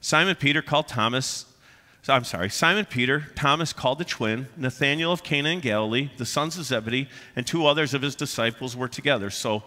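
A man's voice: medium pitch, a little fast, pushed and bright. A pastor preaching a sermon, emphatic and conversational, with frequent "uh" fillers as he works through the passage. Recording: long reverb of a large hall.

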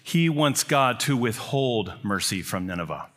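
A man's voice: mid-range voice, lively intonation, unhurried, a bit bright. A man preaching a sermon, emphatic, building his points with repeated phrases.

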